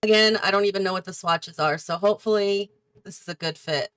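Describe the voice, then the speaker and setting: A woman's voice: mid-range voice, a little fast, fairly bright tone, no room sound. A woman hosting a gaming channel, chatting and thinking aloud as she builds, often correcting herself. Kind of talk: casual build commentary while playing.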